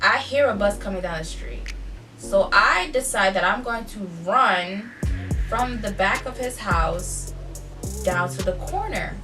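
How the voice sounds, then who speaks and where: A young woman vlogger telling a personal story in a candid, profane, animated way. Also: mid-range voice, a little slow, distant mic. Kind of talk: casual storytime. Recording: voice off-mic with faint music.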